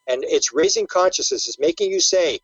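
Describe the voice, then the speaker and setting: An older man with a fairly high voice tells stories as an interview guest, acting out quotes and tripping over repeated words. The sound is close and dry with no room around it. The audio is slightly muffled and lo-fi. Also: brisk, no echo. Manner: animated storyteller who acts out quotes and repeats words. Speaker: guest researcher. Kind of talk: casual interview talk.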